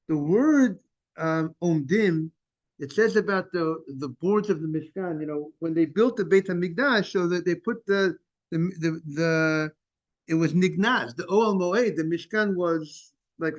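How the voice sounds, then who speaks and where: A man teaching a Talmud class in a casual, halting way, repeating words and restarting sentences while greeting students. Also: sits high, lo-fi sound. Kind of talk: informal Talmud lesson.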